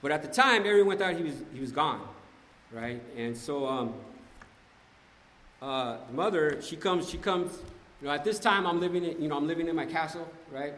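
A man's voice: on the high side, expressive, moderate pace, a bit bright, a little hiss or hum. Man telling his story in an echoey hall. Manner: conversational, emphatic, keeps asking "right?". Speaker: recovery meeting speaker. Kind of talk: personal testimony talk. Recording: echoey hall, faint ambience.

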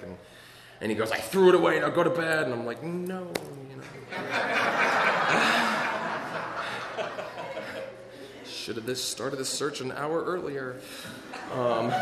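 A man's voice: mid-range voice, noisy background. Man telling his story in an echoing hall. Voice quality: rambling, filler-heavy storytelling with wry humor. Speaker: speaker sharing his story at a recovery meeting. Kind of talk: personal testimony to an audience. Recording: echoey hall with long reverb and faint ambience.

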